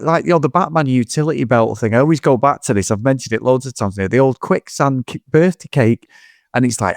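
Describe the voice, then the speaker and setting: A man's voice: medium pitch, brisk, no echo. A man on a podcast, talking loosely about a film he loves to mock, with plenty of swearing and little acted-out bits of dialogue. His voice sits in a middle range and sounds close and dry, with no room around it. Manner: swearing, animated, acts out scenes in quotes. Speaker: podcast co-host. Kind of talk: casual film review chat.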